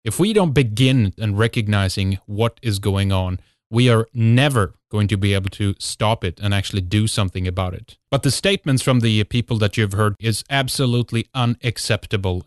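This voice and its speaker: Emphatic low-voiced man hosting. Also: no echo, studio quality. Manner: emphatic, rhetorical questions, many fillers. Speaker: host. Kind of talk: monologue intro to a talk show.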